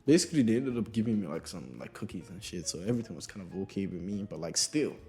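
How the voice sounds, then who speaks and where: A young man in his early twenties telling a comedic story, animated, swearing freely and laughing through his lines. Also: low-pitched, fast, faint music behind.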